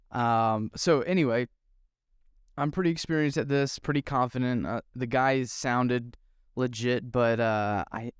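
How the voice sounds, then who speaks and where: A man's voice: mid-range voice, clean tone, no echo, studio quality. A young man hosting a podcast, telling a story in a chatty, self-deprecating way with lots of ums. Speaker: podcast host. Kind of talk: casual storytelling monologue.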